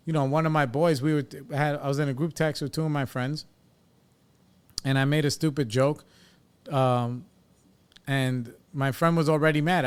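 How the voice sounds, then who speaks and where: A podcast host in his forties who is in recovery talks candidly and casually, reflective and blunt, swearing freely as he works through his thoughts. His voice is fairly high, clear, and resonant.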